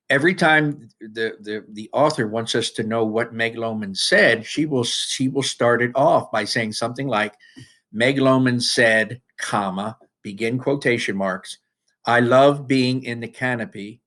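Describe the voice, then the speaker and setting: A man teaching students through a worksheet, talking casually with frequent restarts and lively emphasis. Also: medium pitch. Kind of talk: recorded classroom lesson.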